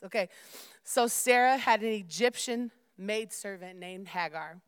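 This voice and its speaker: A young woman preaches in a smooth, resonant voice that sounds dry and close. She talks loosely and personally to her listeners, then moves into prayer and scripture reading. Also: medium pitch, slow, dry recording. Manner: informal, addresses listeners as y'all, prays and reads aloud. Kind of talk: sermon.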